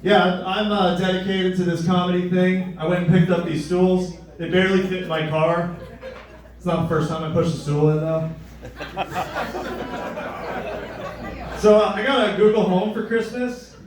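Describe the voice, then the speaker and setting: Sardonic young comic in an echoey club. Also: male voice, sits high, unhurried, pauses often. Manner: crude, sardonic, deadpan. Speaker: stand-up comedian. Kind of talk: stand-up comedy set. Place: live comedy venue. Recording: echoey room, mic at a distance.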